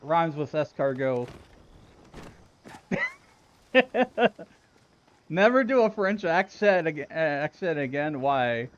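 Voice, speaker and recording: A man's voice: fairly high pitch, lively intonation, takes it slowly, pauses often, lo-fi sound. A man streaming a cozy game, talking casually in a playful, rambling way with frequent giggles. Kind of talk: casual gameplay commentary.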